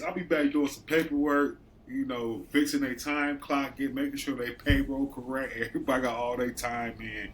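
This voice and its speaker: A man's voice: medium pitch, steady tone, moderate pace, few pauses, slight background noise. Man in his late thirties, swearing storyteller. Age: late 30s. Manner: storytelling, swears freely, acts out coworkers. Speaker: podcast co-host. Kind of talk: casual chat.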